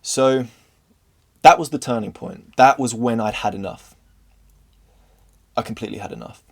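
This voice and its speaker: A man's voice: mid-range voice, normal speed, vocal fry. A young English man telling a personal story to camera in an earnest, open way, now and then tripping over his words. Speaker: vlogger.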